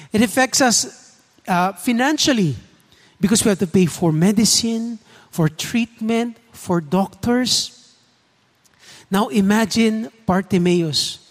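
A man preaching a sermon. He talks earnestly and keeps asking the congregation questions. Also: high-pitched. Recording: echoey hall reverb.

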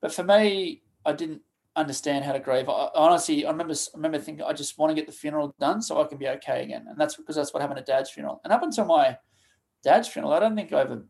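A man, a podcast guest telling a personal story of loss in a halting, emotional way, full of restarts and pauses. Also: fairly high pitch, gravelly, a little mellow. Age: 30s. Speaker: guest, charity co-founder.

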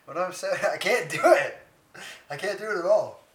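A man's voice: sits high, animated, normal speed, a bit bright. A man from Canada co-hosting a casual comedy chat, rambling and laughing easily. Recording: echoey room.

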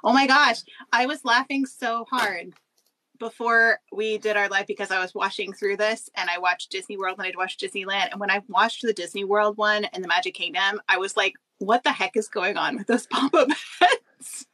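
Bubbly woman co-host, bright sharp voice, giggly, super dry close sound. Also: mid-range voice, fairly even intonation, normal speed, dry recording, low-quality recording. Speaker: podcast co-host. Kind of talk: casual chat.

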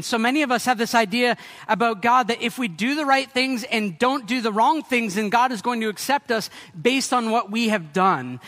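A male pastor preaching a sermon to a church gathering, energetic and excitable, with quick restarts and playful asides. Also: extremely high pitch.

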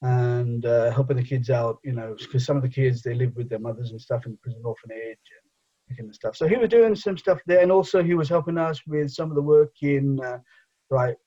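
A man's voice: medium pitch, fairly quick, warm tone. Guy from england, bengali first language, rambly chat full of you-knows, kinda muffled lo-fi audio. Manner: rambling, many fillers and "you know". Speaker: guest, engineering professor and charity founder. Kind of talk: casual conversational interview.

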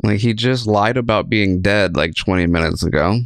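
A man's voice: lowish voice, normal speed, smooth, dry recording, clean studio sound. A man co-hosting a podcast in casual chat, playful and joking, with lots of "like" fillers. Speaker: podcast co-host.

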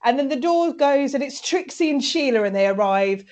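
A woman co-hosting a casual podcast chat, animated and sweary, laughing often. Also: sits high, a little fast. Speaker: podcast co-host recapping a TV episode.

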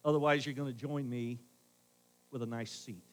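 A middle-aged man preaching a sermon as pastor in a conversational way, swinging between loud emphasis and hushed asides. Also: mid-range voice, fairly even intonation, normal speed, poor audio.

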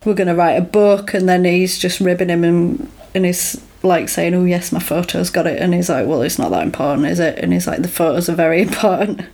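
A woman's voice: lowish voice, a little fast, few pauses. Woman animatedly retelling a story. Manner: animated retelling, acting out lines with laughs. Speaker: podcast co-host recapping a film. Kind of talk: casual chat.

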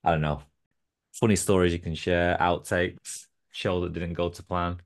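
A man with a very low voice and a gravelly edge hosts a podcast. He asks relaxed, encouraging questions at an easy pace. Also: moderate pace. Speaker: podcast host. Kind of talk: casual podcast interview.

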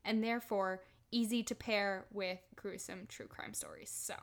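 A young woman co-hosting a podcast, chatting playfully and teasing her friend with quick jokes. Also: medium pitch, steady tone. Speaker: podcast co-host. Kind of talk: casual chat.

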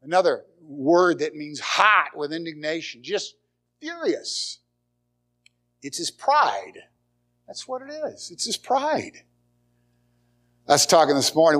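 A man preaching a sermon as pastor, with dynamic swings from loud emphasis to near whispers and frequent repeated words. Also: fairly high pitch. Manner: repeats words and restarts phrases.

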